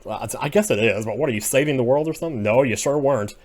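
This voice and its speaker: A man giving casual solo commentary as he ranks TV episodes, rambling and opinionated, drifting between quiet muttering and sudden outbursts. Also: medium pitch, very fast. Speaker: video creator ranking TV episodes.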